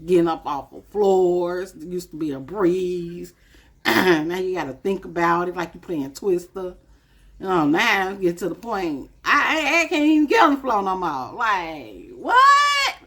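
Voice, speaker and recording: A woman's voice: on the low side, animated, measured pace, a bit bright. A woman in her late fifties talking casually to camera as a vlogger, musing and chatty, calling her viewers y'all. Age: 50s.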